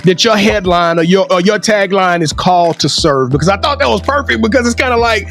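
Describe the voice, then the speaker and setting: A man hosting an interview, playful and lively, with slang like "y'all". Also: sits high, fairly quick, soft background music. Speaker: interview host. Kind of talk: casual interview chat.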